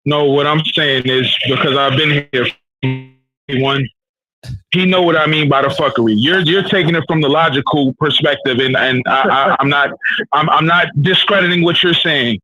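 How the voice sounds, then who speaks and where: A man with a husky, bright voice who stammers as he presses his point on a casual podcast. He is one of the regulars, and the audio is slightly dull. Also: fairly high pitch, steady tone, moderate pace, no room sound. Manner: stammering, insistent.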